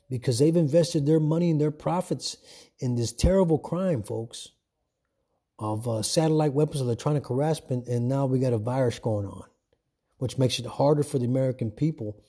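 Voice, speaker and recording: A man's voice: mid-range voice, warm tone, breathy edge. A man giving an informal, rambling sermon from home, repeating himself and often calling his listeners "folks.". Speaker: self-made preacher. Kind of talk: informal preaching monologue.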